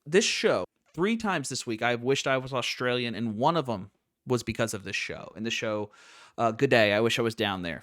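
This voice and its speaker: A man's voice: mid-range voice, fairly bright tone, no echo, clean studio sound. A young American man hosting wrestling commentary, opinionated and sarcastic, riffing with mock quotes. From United States. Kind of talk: opinionated live-stream commentary.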